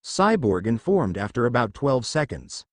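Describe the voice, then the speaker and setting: A man narrating a fan fiction story aloud in an even reading voice, with his own asides. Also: medium pitch, normal speed, dry recording, studio quality.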